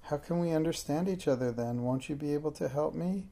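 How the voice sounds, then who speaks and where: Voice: medium pitch, a little fast, vocal fry, mellow. Minx, an eager young witch's apprentice girl, as a reader puts her on. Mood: pleading.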